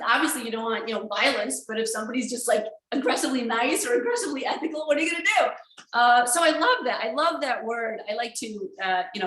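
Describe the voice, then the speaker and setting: A woman giving a conference keynote over a video call, talking in an energetic, emphatic way with many fillers and restarts. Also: a little high, echoey room, rough recording. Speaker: keynote speaker.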